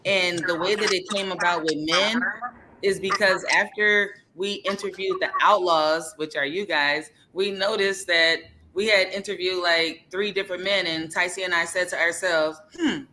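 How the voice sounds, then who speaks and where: A woman guest on a live video-call podcast, introducing herself and chatting in an upbeat, energetic way. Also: lowish voice, moderate pace, a little hiss or hum. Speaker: podcast guest, nonprofit founder. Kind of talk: casual podcast chat.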